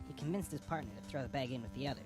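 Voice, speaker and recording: A voice actor playing a confident cartoon defense lawyer who dramatically lays out accusations in a game. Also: female voice, rumbling low, rapid-fire, over music. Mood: accusing. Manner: theatrical, accusing, dramatic reveals.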